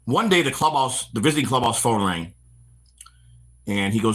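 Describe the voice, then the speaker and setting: Fast-talking husky middle-aged man. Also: medium pitch. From Chicago area. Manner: animated storyteller, acts out quoted voices, frequent restarts. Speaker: stream host. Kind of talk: rambling storytelling on a walk-and-talk stream. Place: outdoors on a walk.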